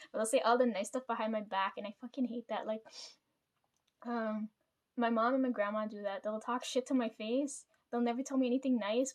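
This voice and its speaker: A woman telling a rambling family story to her camera, swearing often and laughing between thoughts. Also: a little high. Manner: rambling, frequent swearing, chatty asides. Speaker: vlogger.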